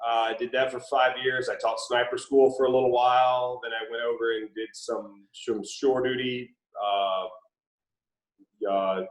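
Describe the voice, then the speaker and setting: A middle-aged man from Mississippi with a faint Southern accent, a former Navy SEAL telling stories in a relaxed way with many fillers during an interview. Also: mid-range voice, roomy sound, poor audio. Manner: relaxed storytelling with frequent fillers. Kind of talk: casual interview conversation.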